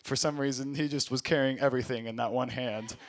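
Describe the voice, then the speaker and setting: A man's voice: mid-range voice, steady tone, fast talker. A man, an Army veteran, telling rambling, profane war stories in a casual comedy set and laughing at himself as he goes. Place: small recording studio space.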